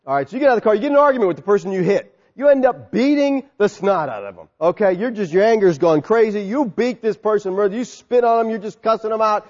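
Man, pastor, sermon, animated, high-pitched, muffled, reverberant hall. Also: quick pace, hardly any pauses. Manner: animated preaching, acts out crowd voices; soft, quiet prayer. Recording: long hall reverb, dull sound.

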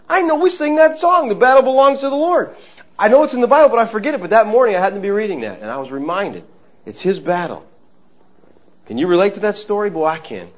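A middle-aged man preaching a sermon in a folksy, emphatic way, calling his listeners folks. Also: on the high side. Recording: dull lo-fi recording.

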